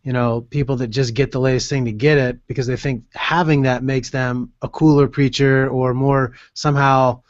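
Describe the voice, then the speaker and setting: A man speaks in a flat, even tone on a panel, agreeing casually with loose phrasing. The sound is dry and dull, with no room around it. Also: medium pitch, normal speed, hardly any pauses, no room sound. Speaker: podcast panelist. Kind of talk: casual chat.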